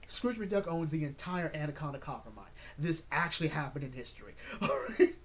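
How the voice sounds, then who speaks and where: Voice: medium pitch, lively intonation, a little fast, husky. A host casually recapping a comic story, laid-back with chuckling asides.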